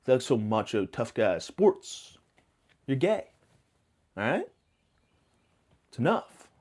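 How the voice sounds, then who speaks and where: A man hosting a podcast, rambling through a self-mocking comic monologue full of absurd tangents and deadpan hot takes. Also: mid-range voice, measured pace. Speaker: podcast host.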